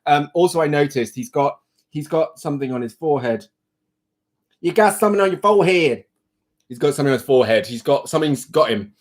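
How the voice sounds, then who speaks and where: A British man on a home live stream who talks in a loose, rambling and self-mocking way. His pitch sits a little high and jumps around a lot as he chats. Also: expressive, brisk. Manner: chatty, rambling, self-deprecating. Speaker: livestream host. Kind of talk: casual live-stream chat. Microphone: computer mic.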